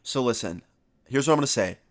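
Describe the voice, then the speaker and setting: A man voicing a friendly small-town police officer who talks in a relaxed, kindly lecturing way. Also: mid-range voice, quick pace, natural voice. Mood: easygoing.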